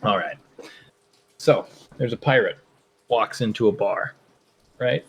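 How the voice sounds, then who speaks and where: A man's voice: lowish voice, slow pace, a little hiss or hum, poor audio. A man co-hosting a podcast, chatting casually and laughing as he tells a long groaner joke. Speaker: podcast co-host. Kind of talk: casual chat.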